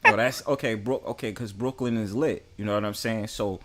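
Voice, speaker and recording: A man's voice: on the low side, fairly quick, fairly bright tone. A man with a New York accent hosting a casual live-stream group chat. He talks emphatically, repeats himself and talks over others.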